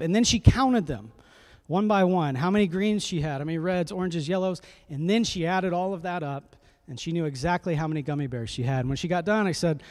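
A man's voice: a little high, darkish tone. Man telling a story in a sermon. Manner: conversational, checks in with listeners. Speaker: pastor.

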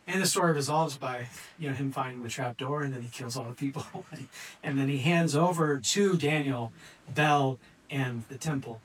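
A man's voice: medium pitch, moderate pace, slight background noise, poor audio. A man telling an old story as an informal lesson, in a conversational way with fillers and restarts.

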